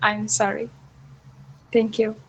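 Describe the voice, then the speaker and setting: A woman student answering in an online class, speaking haltingly with many fillers over a video call. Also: medium pitch, completely flat delivery, creaky, a little hiss or hum, rough recording.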